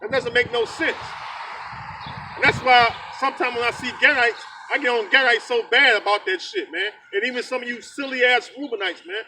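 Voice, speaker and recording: A man with a very high voice preaches outdoors with fiery, profane heat. He leans on "man" and "all right" to drive his points home. The recording is distant, with clear traffic and bird noise in the rain. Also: fairly even intonation, fairly quick, sharp tone. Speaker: street preacher.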